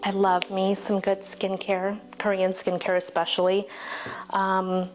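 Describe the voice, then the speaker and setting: A woman's voice: medium pitch, completely flat delivery, unhurried, soft background music. A woman in her forties chatting casually to camera as a vlogger, rambling and heartfelt, laughing often and getting teary. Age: 40s. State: teary, emotional.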